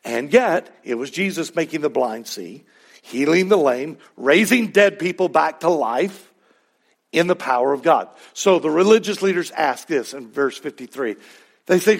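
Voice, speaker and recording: Gravelly-voiced man preaching a sermon. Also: a little high, animated, a little slow. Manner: emphatic, conversational preaching with sudden loud peaks. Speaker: pastor.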